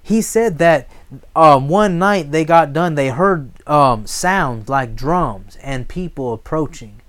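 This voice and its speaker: A man's voice: fairly high pitch, slow. A man preaching a sermon, emphatic and asking the congregation call-and-response questions. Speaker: pastor.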